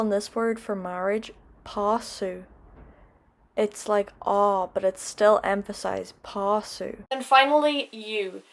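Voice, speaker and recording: A woman's voice: medium pitch, rough recording. A woman giving a casual language lesson who spells words out and stresses vowels carefully. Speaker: Irish language teacher.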